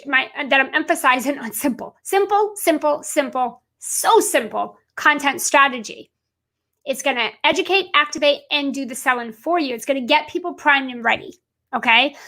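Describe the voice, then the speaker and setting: A woman's voice: sits high, bright, forceful tone. A woman business coach giving an emphatic live video talk, repeating her points and calling her audience "guys".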